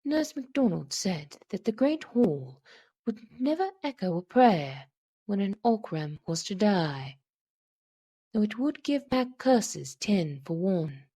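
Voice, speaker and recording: A woman reading a classic horror story aloud, with a measured, dramatic delivery. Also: medium pitch, very animated, dark tone, slightly rough. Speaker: audiobook reader.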